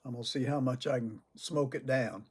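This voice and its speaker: In casual storytelling to camera, an older man talks cigars and recalls his childhood, chuckling frequently. He speaks briskly in a medium-pitched, slightly rough voice with a steady tone.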